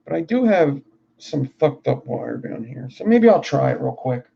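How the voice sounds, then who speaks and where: A woman's voice: very deep voice, big pitch swings, normal speed, vocal fry, mellow, lo-fi sound, slight background noise. A woman on a live stream, muttering to herself and swearing casually while she works with wire. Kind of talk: live-stream crafting chat.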